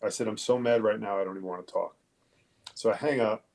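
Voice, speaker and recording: A man's voice: lowish voice, quick pace, gravelly, a little mellow. A police detective, a man, telling his story bluntly and with heavy swearing in a conversational interview. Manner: blunt, profane, emphatic. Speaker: police detective, podcast guest.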